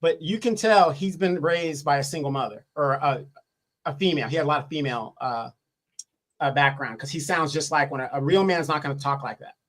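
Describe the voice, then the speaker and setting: A man's voice: fairly high pitch, a little fast, a bit bright. A man speaking as a guest in a live political discussion, pressing his points with rhetorical questions and frequent restarts.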